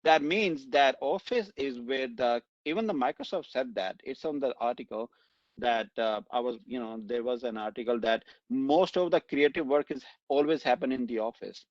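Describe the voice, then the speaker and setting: A man hosting a conversational interview, talking in a relaxed, rambling way with many fillers. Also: medium pitch, normal speed, dry recording, muffled recording. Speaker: podcast host.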